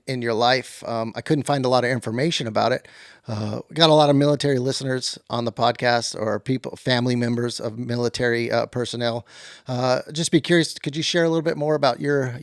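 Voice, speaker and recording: A man hosting a podcast mock interview, asking questions in a hesitant, halting way. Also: medium pitch, dry recording, studio quality. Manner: hesitant, halting, full of fillers. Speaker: podcast host.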